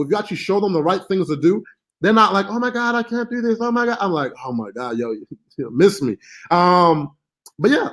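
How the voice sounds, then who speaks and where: A man hosting a live-stream marketing class, talking casually with many fillers and asides. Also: high voice. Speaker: online marketing course host.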